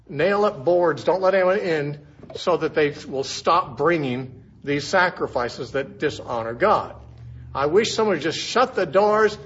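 Guy doing a bible teaching, kinda husky voice, slightly high, dull lo-fi recording. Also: a bit bright. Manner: conversational, with rhetorical questions.

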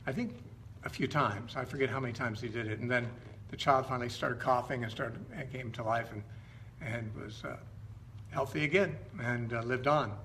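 A middle-aged man retelling Bible stories in an informal teaching style, conversational and halting, often stopping to correct himself. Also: medium pitch, fairly bright tone, slight background noise.

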